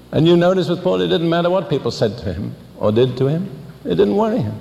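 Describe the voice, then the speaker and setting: An older man preaching a sermon, teaching deliberately and asking pointed questions. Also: fairly high pitch, animated, creaky, dark tone, big-room sound, a little hiss or hum.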